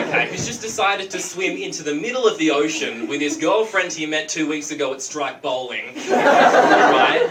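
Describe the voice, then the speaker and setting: Animated Australian man doing stand-up, roomy and distant. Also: a little high, heavy background noise. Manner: animated storytelling, slipping into quick character voices. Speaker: stand-up comedian. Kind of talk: stand-up comedy set. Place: comedy venue with a live audience. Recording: roomy, distant mic with loud audience laughter.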